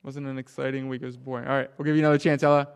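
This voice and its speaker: A man leading a children's sermon, asking the kids questions and swinging from loud emphasis down to a near hush. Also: medium pitch, very fast, gravelly, smooth. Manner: animated, drops to a hush for emphasis. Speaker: pastor.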